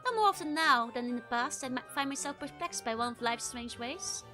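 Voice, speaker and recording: A woman's voice: high-pitched, animated, brisk, music in the background. A woman voicing a handsome, hot-tempered young nobleman who speaks in archaic, courtly thee-and-thou phrasing. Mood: earnest, courtly.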